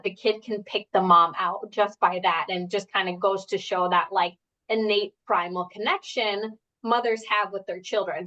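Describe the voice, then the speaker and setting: A woman's voice: mid-range voice, a bit bright, dull audio. A woman health coach leading a live group workshop from home, talking in a chatty, rambling way full of fillers and asides. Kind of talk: casual live workshop talk. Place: at home, indoors.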